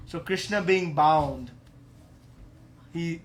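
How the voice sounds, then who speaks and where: A man's voice: on the high side, extremely slow. A man giving a devotional class, telling a story with emphatic rhetorical questions. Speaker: preacher.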